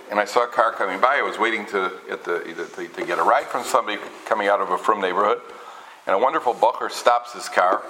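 A man telling humorous stories in a sermon, animated and full of restarts, peppering his talk with Hebrew and Yiddish terms. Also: fairly low pitch, slight background noise, poor audio. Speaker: rabbi giving a talk. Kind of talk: storytelling sermon.

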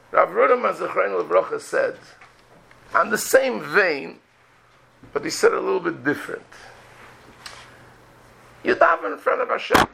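A rabbi delivers a religious lecture in a high, heavily gravelly voice with a bright, tense edge. He fires off rhetorical questions and acts out prayers in his own voice. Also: a little hiss or hum, rough recording.

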